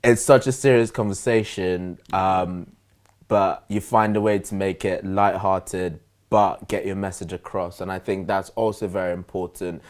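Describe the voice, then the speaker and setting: Podcast host, lowish voice, laid back, agrees with everything. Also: male voice, fairly even intonation, a little slow. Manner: agreeable, easygoing, lots of "yeah" and "um". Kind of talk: casual chat.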